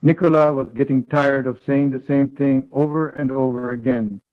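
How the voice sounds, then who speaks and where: A man tells a third-person story in a flat, read-aloud delivery. His voice sits at a middle pitch. It comes through thin and tinny, like audio from an online call. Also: normal speed.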